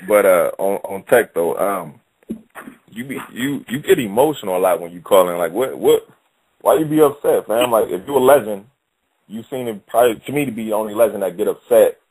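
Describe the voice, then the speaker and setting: Brief: caller from Long Beach, husky low voice, lively pitch, drawling and needling. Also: male voice, a little fast, dry recording, poor audio. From Long Beach, California. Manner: drawling, needling, keeps cutting in. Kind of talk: taunting phone-in banter.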